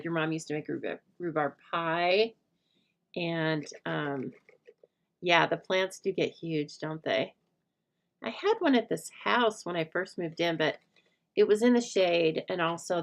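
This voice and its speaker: She's a middle-aged crafting livestreamer whose low voice carries vocal fry and a fairly bright tone. While working, she chats and rambles, laughing often and speaking to viewers by name.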